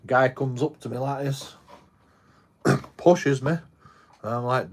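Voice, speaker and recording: A live streamer with a mid-range, darkish voice tells a rambling story in casual chat, swearing heavily. He talks at normal speed and keeps restarting his sentences.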